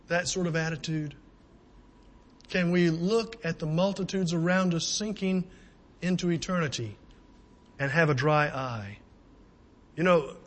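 A man preaching a sermon in an earnest, pleading way, asking many rhetorical questions and often repeating words as he restarts. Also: fairly high pitch. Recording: long hall reverb.

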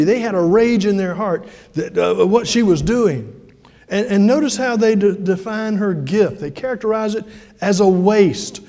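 Male pastor, high mellow voice, chatty sermon in a reverberant church. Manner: conversational preaching with frequent fillers and restarts.

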